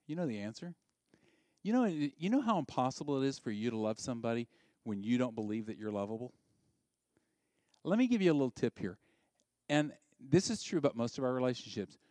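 A male pastor giving a sermon, animated and conversational, asking the listeners direct questions. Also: mid-range voice, brisk, pauses often, no room sound.

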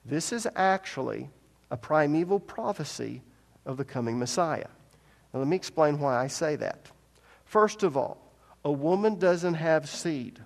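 A man's voice: on the high side, expressive, a little slow, gravelly. A man preaching a sermon as pastor, emphatic, repeating his key points and asking the congregation rhetorical questions. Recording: long reverb of a large hall.

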